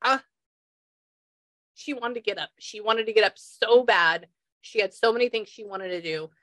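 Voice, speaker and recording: A woman's voice: mid-range voice, moderate pace, a bit bright. A woman working as a psychic medium in a casual session, chatty and laughing as she passes on messages.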